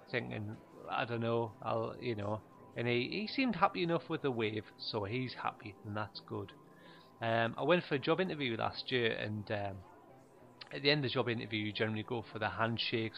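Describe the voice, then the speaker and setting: A man telling stand-up stories in a deadpan, rambling way, full of fillers. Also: medium pitch, vocal fry, highs cut off. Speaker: stand-up comedian. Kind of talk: stand-up monologue.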